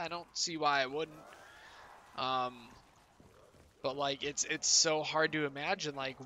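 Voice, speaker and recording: A man's voice: a little high, pushed and bright, a little hiss or hum. A young man streaming a game, chatting casually in a rambling, profane, incredulous way. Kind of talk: casual chat while gaming.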